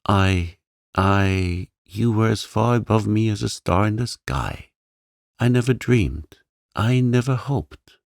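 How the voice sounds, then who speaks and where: A man's voice: low voice, slow, vocal fry, darkish tone, dry recording, clean studio sound, heavily acted. A man reading a storybook, voicing a humble, devoted man who speaks earnestly and pleadingly. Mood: awed.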